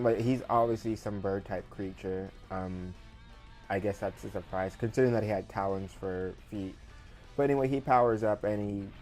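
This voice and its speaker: A man's voice: on the low side, darkish tone, poor audio. Rambling man recapping a cartoon episode. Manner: rambling, filler-heavy retelling with paraphrased quotes. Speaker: anime episode reviewer.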